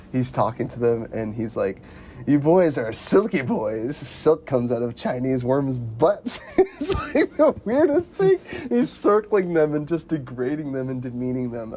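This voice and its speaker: A young man co-hosting a casual movie chat podcast, animated and laughing often, full of fillers. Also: medium pitch, slight background noise. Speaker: podcast co-host.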